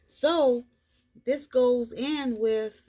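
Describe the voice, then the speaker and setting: A woman giving a spiritual card reading to her viewers, repeating her reassurances in an unhurried, soothing way. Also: on the high side, warm tone. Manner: slow, repetitive, reassuring delivery. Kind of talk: tarot-style card reading vlog.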